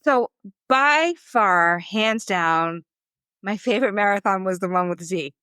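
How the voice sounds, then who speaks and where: A woman who is a marathon runner and coach, telling stories in a lively, chatty way as a podcast guest. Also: medium pitch, clear, resonant tone, dry recording. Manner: animated, quick storyteller acting out quotes. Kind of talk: casual storytelling interview.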